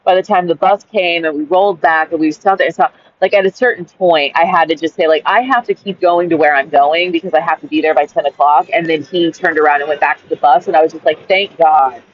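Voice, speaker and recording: Speaking fast in a deep, fairly even voice with hardly any pauses, a woman vlogger reads an old journal entry and then tells the story. She rambles with many "like"s and restarts, frank and exasperated and swearing freely. Slight background noise sits under the slightly dull lo-fi recording.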